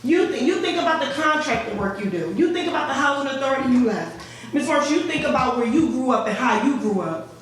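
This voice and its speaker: A woman's voice: high voice, animated, fairly quick. An older woman, a housing resident, speaking at a board meeting's public comment, emotional and pleading, repeating herself for emphasis. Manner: impassioned, pleading, repetitive. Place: meeting room. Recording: very echoey room, distant, faint noise.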